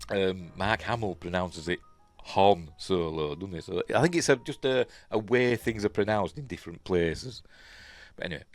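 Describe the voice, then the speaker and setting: A man's voice: lowish voice, expressive, moderate pace, soft background music. A man with a Yorkshire accent, hosting a casual solo review, rambling and chuckling, often trailing off into a mumble. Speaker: show host and reviewer.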